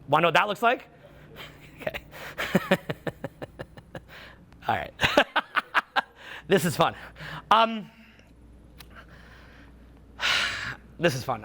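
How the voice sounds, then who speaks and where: A man's voice: sits high, creaky, pushed and bright. A man coaching a live seminar audience, playful and teasing as he banters with volunteers on stage. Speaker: social skills coach.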